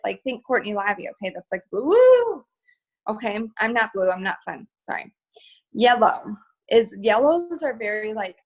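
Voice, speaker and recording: A woman's voice: medium pitch, low-quality recording. A woman speaking casually on a live stream as a guest, chatty and upbeat, with many fillers.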